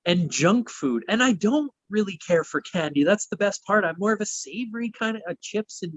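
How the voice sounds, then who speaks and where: Male guest, slightly high pitch, dry, profane and rambling. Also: expressive, moderate pace, dry recording, poor audio. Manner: swears constantly, rambling. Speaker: wrestler guest. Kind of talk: casual storytelling.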